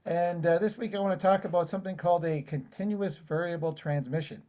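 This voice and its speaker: Brief: man, small auto repair owner, relaxed networking pitch, muffled lo-fi audio. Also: brisk. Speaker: car repair and dash camera business owner. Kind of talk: casual business networking pitch. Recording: dull lo-fi online meeting audio.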